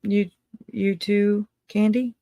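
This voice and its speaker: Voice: medium pitch, flat delivery, takes it slowly, creaky, dark tone, dry recording, lo-fi sound. A livestream host chatting casually and reading out viewer comments, rambling and emotional, often breaking into laughter.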